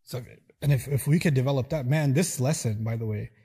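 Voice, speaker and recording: A man giving a lecture, animated and acting out little dialogues in quoted voices. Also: mid-range voice, brisk, breathy edge. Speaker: speaker giving a talk. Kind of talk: lecture on scripture.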